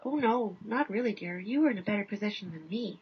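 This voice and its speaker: Woman reading as a polite, just-woken wife, soft and quick, husky tone. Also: expressive. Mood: deferring. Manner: quick, lowered, deferring. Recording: dull lo-fi recording.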